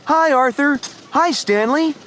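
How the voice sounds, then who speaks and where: A woman voicing a friendly young boy in a children's audiobook, with a bright, upbeat delivery. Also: on the high side, wildly swooping pitch, measured pace, a little hiss or hum, voice pushed up.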